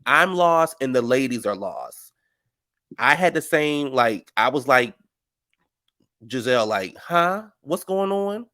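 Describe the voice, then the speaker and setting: Casting note: male recap commentator, sassy and gossipy, AAVE, mid-pitched, dry close sound. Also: takes it slowly, pauses often, no room sound. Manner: sassy, gossipy, animated storytelling with "honey" and "child".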